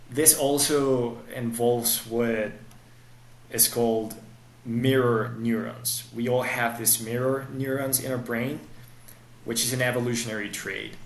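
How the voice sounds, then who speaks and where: A man's voice: mid-range voice, reverberant. A man explaining dating advice on a podcast in a coaching tone. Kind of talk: podcast conversation.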